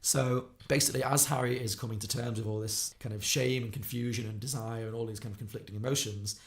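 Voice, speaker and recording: A man on a podcast, retelling a film plot quickly and acting out the characters' lines. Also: mid-range voice, steady tone. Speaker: podcast co-host. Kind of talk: casual film podcast recap.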